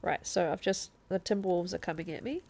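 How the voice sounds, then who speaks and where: A woman's voice: on the low side, fairly quick, darkish tone, slight background noise. A woman streaming a video game live, chattily explaining the controls and thinking aloud as she plays. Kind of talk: casual live-stream gameplay tutorial.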